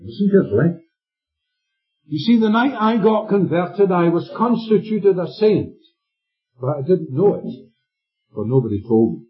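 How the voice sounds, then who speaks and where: A man with a high voice preaches at a measured pace, with big pitch swings and frequent pauses. His delivery is emphatic, and he checks in with listeners through questions. Faint music accompanies the dull lo-fi recording.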